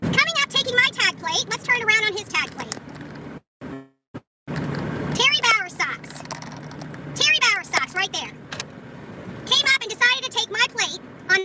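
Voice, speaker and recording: A woman's voice: extremely high pitch, very animated, moderate pace, long pauses. A woman vlogger giving confrontational live commentary from her car, angry and taunting, cursing heavily. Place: in a car outdoors. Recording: distant phone mic with loud traffic noise. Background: traffic and car sounds.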